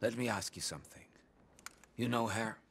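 A volatile mob boss. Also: male voice, on the low side, moderate pace, vocal fry, slight background noise. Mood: menacing. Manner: menacing, swings from brooding mutters to shouting. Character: volatile middle-aged Russian mob boss father. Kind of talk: video game cutscene acting.

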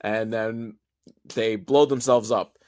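A man's voice: lowish voice, fairly even intonation, slow, a little mellow. A man giving a casual, comedic movie recap, rambling and sarcastic with some swearing. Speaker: movie reviewer.

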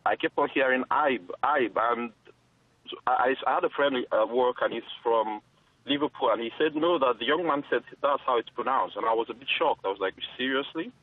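A man's voice: medium pitch, normal speed, no room sound. A man calling in to a radio phone-in, polite and hesitant with many ums. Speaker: phone-in caller. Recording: tinny phone line.

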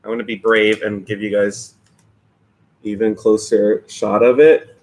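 Co-hosting an indoor mukbang live stream with dimmed lights behind him, this man has a lowish, darkish voice and a flat delivery that runs a little slow. He chats casually, teasing his partner and greeting viewers by name.

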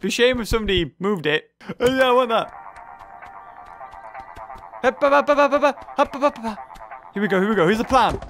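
A woman's voice: a little high, lively intonation, moderate pace, long pauses, fairly bright tone, soft background music. A woman giving playful, teasing commentary while playing a video game, often laughing and squealing at the characters. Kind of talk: casual let's-play commentary.

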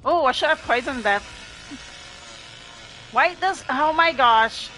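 Female streamer, bright tense voice, slow jumpy live commentary, faint game noise behind. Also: high voice, rough recording. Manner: jumpy, laughing, swearing, talks to herself. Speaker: gamer streaming gameplay.

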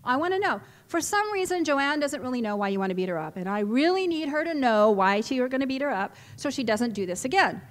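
A woman's voice: sits high, lively intonation, fast, few pauses. A woman voicing a tough, protective teenage girl who speaks bossily and firmly, in an echoey hall. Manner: bossy, firm.

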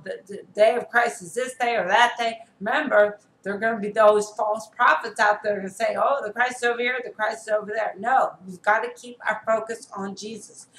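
A woman's voice: fairly high pitch, a bit bright. A woman preacher giving an earnest online video sermon, exhorting her listeners and often checking in with "okay?". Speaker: prophetess preacher. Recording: echoey room with faint background noise.

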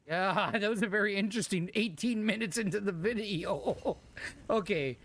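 An excitable man narrates his gameplay in a fairly high voice, cursing and yelling at the enemies he fights. Loud gunfire and game sounds pound behind him. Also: normal speed, heavy background noise. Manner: excitable, swearing, shouts exclamations at enemies. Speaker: gameplay video host. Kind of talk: live gameplay commentary. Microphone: desk microphone. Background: game sounds, gunshots and clicks.

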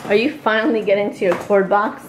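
A woman's voice: mid-range voice, a little fast, roomy sound, noisy background. A woman vlogging at home over dinner, chatting casually and teasing with a light, laughing manner. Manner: playful and teasing, laughs often. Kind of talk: casual family chat.

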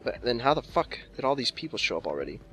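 Guy doing a let's play, swears a ton, yells at the game, bit of music in the back. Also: medium pitch, sing-song, fast talker. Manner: profane, talks back to the game with exasperated outbursts. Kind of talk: casual game commentary.

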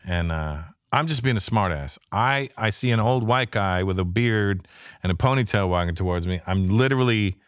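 A man's voice: fairly low pitch, moderate pace, dry recording, studio quality. A man in his fifties from Canada, a stand-up comedian telling stories in casual chat, swearing freely and acting out the voices of people he quotes. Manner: profane, animated, acts out quoted voices.

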